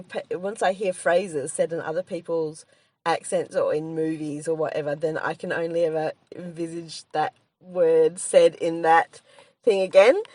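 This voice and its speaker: A woman's voice: low voice, dry recording. An Australian woman co-hosting a casual podcast, rambling chattily, often laughing and breaking off mid-sentence to restart. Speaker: podcast co-host, comedian. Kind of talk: casual chat.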